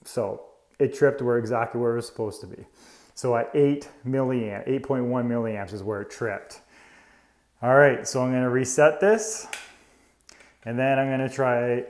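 A man, an electrician giving a casual, chatty tool demonstration indoors in an old house and explaining each step. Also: medium pitch.

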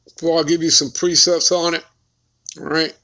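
Male preacher, scripture teaching, emphatic, constant check-in questions, high and bright. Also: little pitch movement, moderate pace, creaky. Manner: emphatic, keeps asking "all right?" and "okay?".

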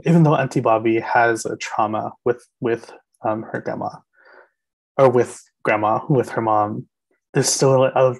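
A playwright on a video call, talking reflectively and haltingly about his writing, often repeating words. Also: mid-range voice, creaky. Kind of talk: casual video call chat.

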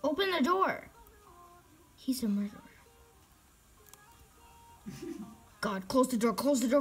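High, lively woman giving gameplay commentary. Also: moderate pace, long pauses, husky, faint music behind. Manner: excitable, reactive, drops to whispers when sneaking. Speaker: gaming channel host.

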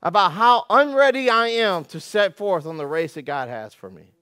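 A man preaching a conversational sermon, telling stories with folksy self-deprecating humor, dropping to quiet asides and climbing to loud, emphatic peaks. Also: sits high, lively intonation, normal speed, dry recording, studio quality. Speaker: pastor.

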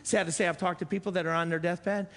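Pastor guy preaching, fairly high voice, repeats himself for emphasis, echoey church. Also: fairly even intonation, fast, a bit bright. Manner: earnest, repeats phrases for emphasis. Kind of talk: sermon.

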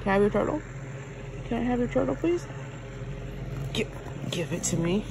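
A woman's voice: a little high, animated, normal speed, noisy background. A woman, scolding her dogs in a playful, exasperated way at bedtime at home. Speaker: pet owner. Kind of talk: home video vlog.

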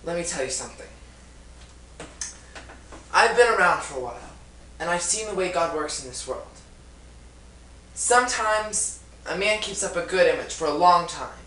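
A woman's voice: fairly low pitch, animated, normal speed, pauses often, fairly bright tone, slight background noise. A woman playing Job's friend, a lecturing, reproachful older woman in a stage play, recorded in an echoey room from far off.

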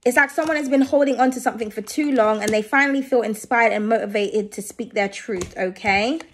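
A woman's voice: on the high side, brisk. A woman giving a casual tarot reading to her viewers, chatty and reassuring, often checking in with "okay?". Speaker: tarot reader.

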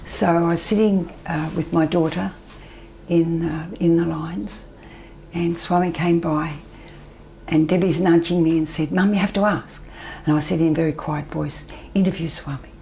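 An older Australian woman telling her personal story as an interview guest, soft-spoken and often trailing off into near-whispers. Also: sits low, creaky, poor audio. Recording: faint background noise.

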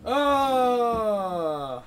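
A man's voice: very high-pitched, very animated, extremely slow, slight background noise. A young man live-streaming a game, frustrated, swearing, and talking both to himself and to his chat. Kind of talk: live gameplay commentary.

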